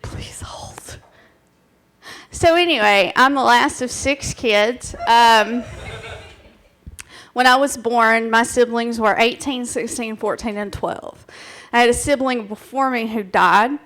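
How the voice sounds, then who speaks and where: A woman with a notably high voice gives a playful, crude comic talk. She is excitable and keeps calling out to the audience. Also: a little slow. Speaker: presenter at a live bar show. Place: bar stage with live audience.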